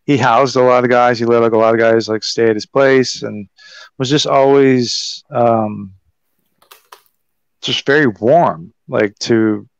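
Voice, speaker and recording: Gravelly man telling stories on a livestream. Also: medium pitch, steady tone, a little slow, no echo. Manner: rambling, warm storytelling with many fillers. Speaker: wrestling podcast guest. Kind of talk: casual livestream chat. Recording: dull, dry lo-fi stream audio.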